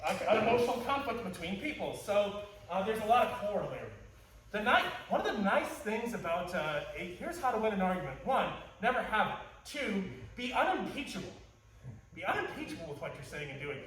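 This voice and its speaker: A man's voice: high voice, sing-song, a little fast, fairly bright tone, slight background noise. A man co-teaching a martial arts class, explaining ideas in a wry way and laughing at his own jokes. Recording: echoey gym heard from a distance.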